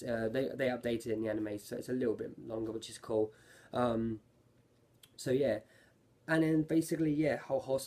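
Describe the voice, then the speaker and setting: A man's voice: mid-range voice, a little mellow. A man giving a casual, rambling review of an anime episode, often correcting himself mid-sentence. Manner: rambling, self-correcting, lots of fillers.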